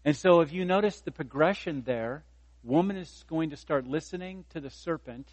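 Here a pastor in his fifties preaches in an everyday, conversational tone, raising his voice for emphasis and joking about himself. He speaks at a normal speed with a slightly high voice. The low-quality recording has no room sound.

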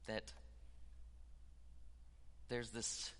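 A man preaching a sermon with passion, dropping to hushed tones and rising to loud declarations. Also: drawn-out words, big-room sound. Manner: impassioned, swinging from hushed to loud.

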